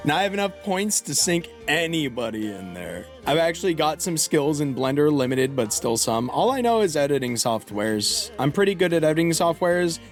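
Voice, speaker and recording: A man streaming live with casual, excitable chat, yelping and swearing when things go wrong. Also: fairly high pitch, normal speed, hardly any pauses, soft background music. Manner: excitable, yelps and swears at mistakes.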